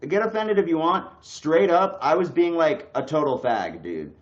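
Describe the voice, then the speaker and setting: A young man ranting bluntly and crudely on a casual livestream, his voice swinging from loud bursts to low mutters. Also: expressive, moderate pace. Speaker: streamer. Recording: echoey room, dull lo-fi sound.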